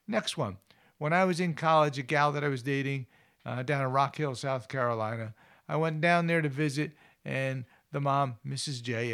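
Man, outdoor show host, casual rambling storyteller, fillers, fairly high voice. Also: fairly bright tone. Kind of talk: anecdotal storytelling.

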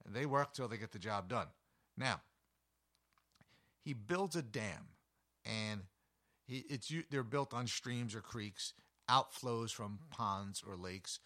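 A man giving an animated, conversational talk about wildlife, full of chatty asides and personal stories. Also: mid-range voice. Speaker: wildlife educator. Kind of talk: conversational nature talk with anecdotes.

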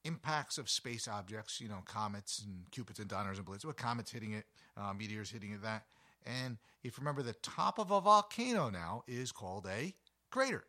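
A man with a bright, forceful voice hosts a casual science show. He talks like a playful teacher, cracking jokes, correcting himself and throwing questions at the listener. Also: on the low side, fairly quick. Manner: jokey, self-correcting, lively teacher tone; asks the listener rhetorical questions. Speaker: host of an educational podcast. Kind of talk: casual educational talk.

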